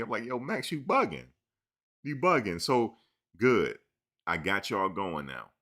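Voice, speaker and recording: A man hosting a casual live-stream sports talk show, teasing and answering his chat in an animated way. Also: low-pitched.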